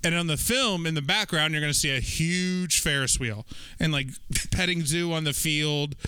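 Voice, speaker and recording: Male sports podcast co-host, bright and slightly high, profane jokester, dry close sound. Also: moderate pace, smooth, no echo. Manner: animated, profane, joking. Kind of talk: casual sports chat.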